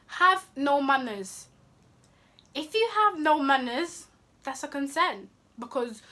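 Young woman vlogger, high voice, sassy and scolding, casual advice to camera. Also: pushed and bright.

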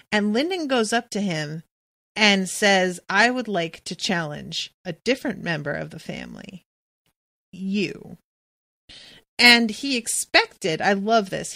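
A woman's voice: fairly low pitch, no echo. A woman hosting a podcast, recapping a fantasy novel in a casual, profane way and reading passages aloud. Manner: animated, profane, jumps into quoted voices. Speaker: podcast host.

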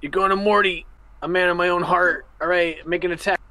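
Guy dming a tabletop game, a bit high voiced, swears a lot, laid back. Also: steady tone, a little fast, bright, forceful tone, no echo, rough recording. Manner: loose, profane, laughing. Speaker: game master. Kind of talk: running a tabletop game over voice chat.

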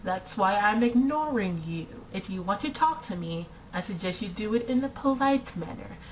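A young adult woman chatting casually to camera as a vlogger, exasperated and animated, with lots of rhetorical questions and frequent "like" fillers. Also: mid-range voice, normal speed, slight background noise, low-quality recording.

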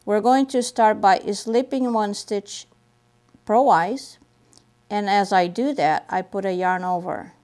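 A woman's voice: mid-range voice, a little mellow. A woman teaching a knitting stitch step by step, patiently repeating each move as she demonstrates. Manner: patient, repeats steps slowly while demonstrating. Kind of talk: step-by-step craft tutorial.

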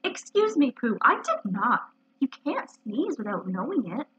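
A woman's voice: a little high, sing-song, measured pace, a bit bright. A woman voicing a pompous, self-important male owl who loves long words, in a storybook reading on a dull lo-fi recording.

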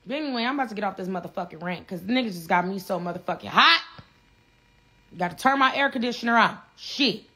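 A woman's voice: medium pitch, expressive, quick pace, bright, forceful tone. A woman, a reality show cast member, ranting on a livestream in a blunt, profane way and repeating herself. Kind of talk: heated livestream rant.

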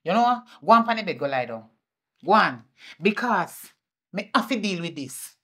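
A woman with a Jamaican accent playing a fierce mother who scolds her daughter, swinging between shouting and muttering. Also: lowish voice, very animated, normal speed, slightly rough, exaggerated voice. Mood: scolding. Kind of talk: indie film acting.

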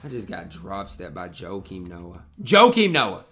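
A man's voice: low-pitched, little pitch movement, a little slow, soft background music. A young man, commenting live on his own basketball video game match, slangy and frustrated, trash-talking his teammates and opponent. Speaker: gaming YouTuber.

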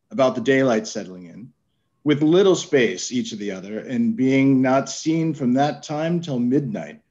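Man as aggrieved husband, plain steady testimony, muffled lo-fi sound. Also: medium pitch, lightly acted. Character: aggrieved husband complaining of his wife to court. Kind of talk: dramatic reading of court records. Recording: dull lo-fi sound.

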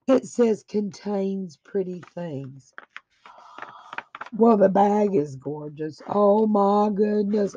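A woman at her home craft desk opens a craft swap package in a casual unboxing chat, gushing and exclaiming to her viewers, whom she calls "guys." Her mid-range voice is slow with a dark tone, and the audio sounds dull.

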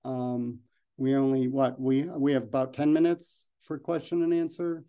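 A man's voice: mid-range voice, level tone, normal speed, dark tone, smooth, highs cut off. A man giving a slide presentation and then answering questions, talking loosely with frequent ums and restarts.

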